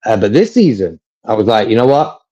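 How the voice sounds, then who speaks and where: A man's voice: on the low side, very animated, brisk, mellow. Rambling man on a dull lo-fi stream. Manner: rambling, repeats himself, laughs often. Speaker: co-host of a fan livestream. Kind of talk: casual chat.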